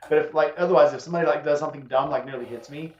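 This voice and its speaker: Animated man telling stories in an echoey room. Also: a little high, racing. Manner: animated storyteller, acts out quoted people, swears freely. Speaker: host. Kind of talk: casual chat. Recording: echoey room, dull lo-fi sound.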